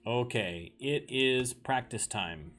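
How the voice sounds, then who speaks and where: A man's voice: medium pitch, slow, a bit bright. A man hosting a let's play, casually commenting on a music game in a chatty, wry, self-deprecating way.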